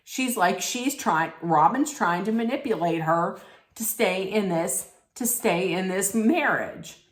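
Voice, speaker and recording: A woman's voice: mid-range voice, takes it slowly, reverberant. A woman giving a snarky, blunt recap straight to her viewers, emphatic and sarcastic. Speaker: reality TV recap vlogger.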